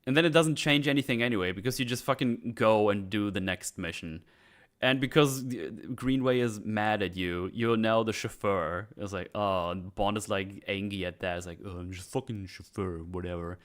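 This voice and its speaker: A man hosting a casual gaming chat, retelling game scenes with animated, acted-out voices. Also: on the low side, moderate pace. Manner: animated storytelling, acts out game characters. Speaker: podcast host.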